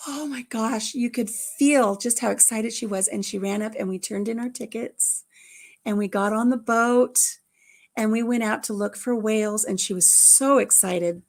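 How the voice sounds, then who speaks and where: A middle-aged woman hosting a casual chat, telling a family story in an animated way and acting out the voices. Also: a little high, moderate pace. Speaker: host.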